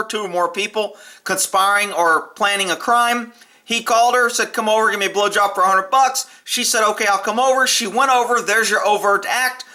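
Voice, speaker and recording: Blunt, laughing man with sharp high voice. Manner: blunt, profane, frequent laughter. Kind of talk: casual opinion rant to camera.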